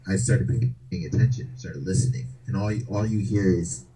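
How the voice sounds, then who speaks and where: Very deep, dark-voiced male podcast host. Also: normal speed, rough recording. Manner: loose and profane, slangy fillers. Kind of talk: casual storytelling.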